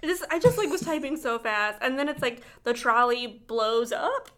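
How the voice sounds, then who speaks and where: A woman's voice: on the high side, lively intonation, moderate pace, a bit bright. A woman co-hosting a podcast, animatedly recapping a film with laughter and swearing. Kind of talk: casual chat.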